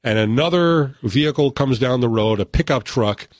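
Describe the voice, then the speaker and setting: A man hosting a radio chat, retelling and reviewing a movie in an animated, laughing way. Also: mid-range voice, moderate pace, no echo, clean studio sound. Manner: animated storyteller, laughs often. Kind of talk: casual chat.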